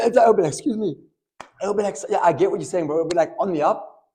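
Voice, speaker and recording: A man's voice: sits high, darkish tone. A young man co-hosting a podcast, telling stories in casual slang and saying "bro" and "like" a lot. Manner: fast slangy storytelling, lots of "bro" and "like". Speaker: podcast co-host. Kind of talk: casual chat.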